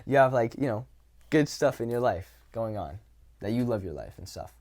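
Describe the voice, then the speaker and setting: A young man talks straight to camera in a casual coaching style. He is blunt, drops the odd swear word and breaks off to act out little examples. His pitch sits in the middle for a man. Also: lively intonation, normal speed, darkish tone. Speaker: dating coach. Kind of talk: casual talking-head advice.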